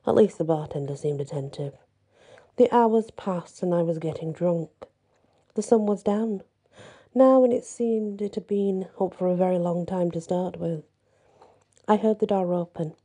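A woman narrating a first-person horror story in a plain, measured storytelling manner. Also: on the low side, mellow, slightly rough.

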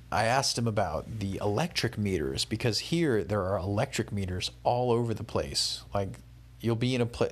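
Young male vlogger, lowish voice, loose rambling travel-diary talk full of fillers. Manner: rambling and conversational, with many fillers and restarts. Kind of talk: casual spoken travel diary.

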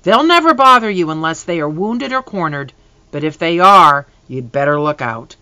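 A booming, good-natured farm father in a storybook reading, as the narrator puts him on, loud and hearty, pitched up and bright. He sounds close and dry, with no room around him. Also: expressive, moderate pace, smooth, dry recording.

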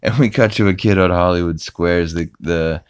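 A man with a very low voice hosts a podcast and rambles through an episode recap. He stacks up fillers and chuckles as he goes. The sound is dry and close, with no room around it. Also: moderate pace, smooth, no echo. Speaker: podcast host.

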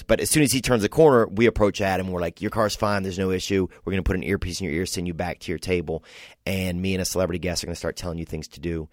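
With a low-pitched voice captured in studio quality without echo, this young Louisiana comedian rambles through stories as a podcast guest. He chats casually, doing animated voices for the people he quotes.

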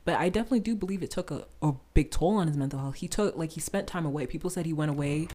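A young woman with a somewhat low voice talks casually about acting as a podcast guest. She is animated and quick to laugh, and she fills her sentences with "like.". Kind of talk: casual conversation.

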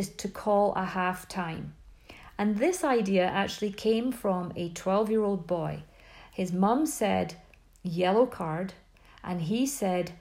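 A woman's voice: mid-range voice, dark tone. A woman hosting a parenting podcast, giving earnest, emphatic advice and often listing words in a row. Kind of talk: advice talk.

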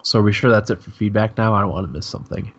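A man with a raspy voice, co-hosting a casual podcast chat and steering the show along. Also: lowish voice, rapid-fire, fairly bright tone, dull audio. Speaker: podcast co-host.

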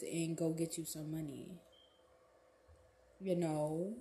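A woman's voice: fairly low pitch, slow, a little mellow, roomy sound. A woman hosting her own podcast, giving a casual, profane motivational rant in a blunt, slangy way with laughs. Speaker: podcast host.

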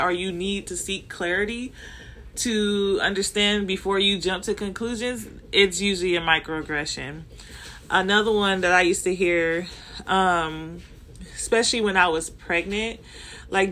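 Bright-voiced Southern Californian woman. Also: mid-range voice, moderate pace. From Compton, Los Angeles, United States. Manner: conversational, with frequent fillers and self-corrections. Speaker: manager sharing workplace experiences. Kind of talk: casual explanatory monologue.

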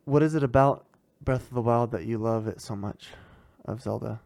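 Casting note: a mother questioning her kid, very low pitch, a bit of vocal fry, mellow tone, laughs easily. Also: moderate pace, no echo. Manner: chatty, encouraging, laughs often. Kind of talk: casual family interview.

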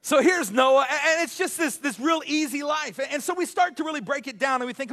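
Male pastor, very high voice, animated sermon delivery, frequent restarts. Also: a little fast, hardly any pauses. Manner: animated, self-correcting preacher with frequent restarts.

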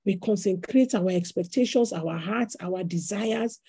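A Nigerian woman pastor preaching an animated sermon, acting out little scenes as she goes. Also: mid-range voice, measured pace, breathy edge, no echo. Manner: animated preaching, acts out voices in anecdotes.

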